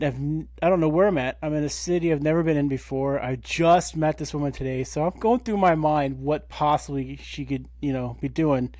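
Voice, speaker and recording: A man in his thirties, a podcast co-host, telling a story in a casual, animated way, swearing and acting out quotes. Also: a little high, no echo. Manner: animated, profane, acts out quotes.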